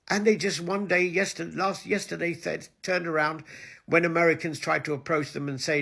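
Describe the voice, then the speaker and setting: A man's voice: a little high, fairly even intonation, a little fast, creaky, bright, forceful tone. A man hosting his own video channel, ranting crudely and mockingly to camera and switching between English and Hindi-Urdu. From Pakistan. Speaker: online video host.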